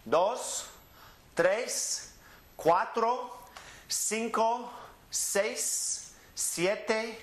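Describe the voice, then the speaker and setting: In this classroom-style Spanish lesson, a Southeast Texas man with a slightly high, somewhat bright voice draws each word out slowly. Learners repeat after him in call-and-response drills, and the room has a noticeable echo.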